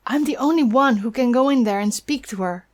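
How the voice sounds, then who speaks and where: A woman's voice: on the high side, fairly quick, a little mellow, natural voice. A woman reading aloud as an earnest, determined young boy hero in a game. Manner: earnest, heartfelt.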